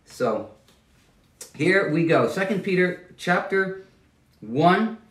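A man's voice: sits high, animated, slow, reverberant, distant mic. A man preaching a sermon as pastor, conversational and self-deprecating, often restarting and stammering over his words.

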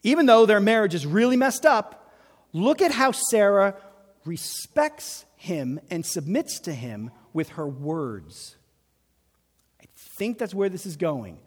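A man preaching a sermon in a lively, conversational way, acting out quotes as he goes. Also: high voice, takes it slowly, breathy edge. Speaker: pastor. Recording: long reverb of a large hall.

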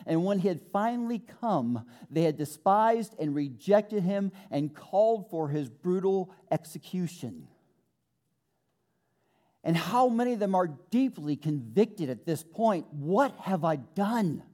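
Earnest preacher man, mellow voice. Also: sits high, lively intonation. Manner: earnest, slows for quoted scripture, rises with fervor. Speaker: pastor. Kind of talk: sermon.

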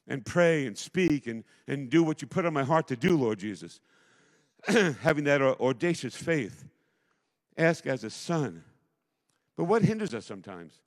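A middle-aged man preaching a sermon as pastor, emphatic, swinging between loud declarations and hushed asides. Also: on the high side. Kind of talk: impassioned sermon. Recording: long hall reverb.

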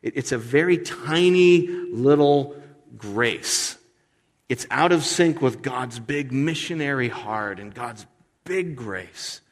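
A man preaching a sermon, lively and animated, acting out voices and mixing in self-deprecating humor. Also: medium pitch, takes it slowly. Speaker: pastor. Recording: long hall reverb.

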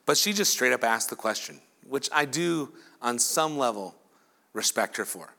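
Bright-voiced male pastor preaching. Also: mid-range voice, normal speed, vocal fry. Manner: animated preaching, acting out imagined dialogue. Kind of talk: sermon.

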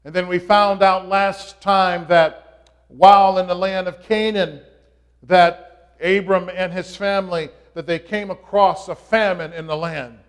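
A man preaching a sermon, opening with a joke, in a slow and halting delivery with frequent pauses and fillers. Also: sits high, fairly even intonation. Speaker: pastor.

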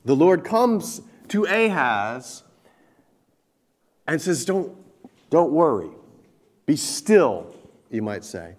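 A man preaching a sermon, earnestly explaining scripture and slowing down and growing louder when he quotes it. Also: a little high, very animated.

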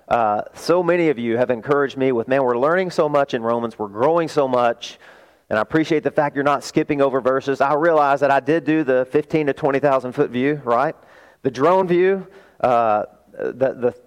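A man's voice: mid-range voice, rough recording. A man preaching a sermon as a pastor to his church, emphatic and full of rhetorical questions.

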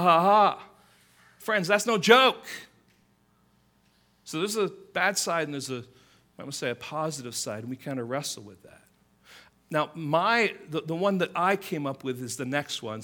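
A male pastor preaching a sermon in an animated way, acting out quoted lines with a louder, higher voice. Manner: animated, acts out quotes with rising pitch and volume.

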